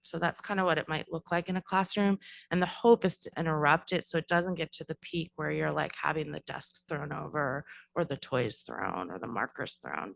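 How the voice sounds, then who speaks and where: A woman's voice: sits low, vocal fry, fairly bright tone, slight background noise. A young adult woman from the school district explaining classroom strategies at a board meeting, informal with many fillers. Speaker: district staff presenter.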